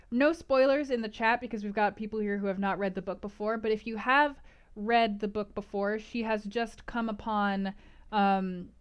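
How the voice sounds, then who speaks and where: A woman's voice: medium pitch, clear, resonant tone. A woman streaming, chatting with her viewers and reading a novel aloud in a bubbly, giggly way. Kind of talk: casual stream chat and read-aloud narration.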